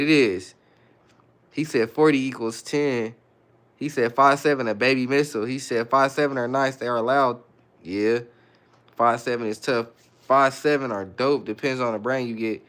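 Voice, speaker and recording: A man's voice: medium pitch, a bit bright. A man from the Bay Area hosting a livestream, reading viewer comments aloud in a loose, slangy, muttering way. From San Francisco Bay Area. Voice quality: laid-back, slangy, mutters asides. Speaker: livestream host.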